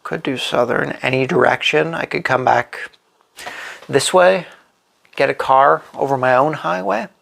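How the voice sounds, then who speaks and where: Slow gravelly man thinking aloud. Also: mid-range voice, a bit bright. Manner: slow, thinking aloud while placing pieces. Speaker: board game channel host. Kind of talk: solo board game playthrough commentary.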